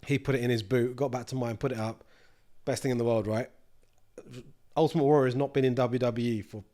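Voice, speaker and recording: London guy, podcast guest, chatty slangy storyteller, mid-pitched voice. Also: fairly even intonation, brisk, mellow. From East London. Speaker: guest, snack brand co-founder. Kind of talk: casual storytelling.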